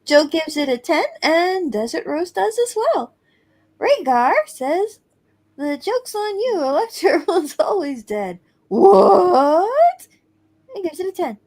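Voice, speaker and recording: A woman's voice: very high-pitched, big pitch swings, takes it slowly, a little mellow. A giggly woman reading out chat comments on a casual live stream.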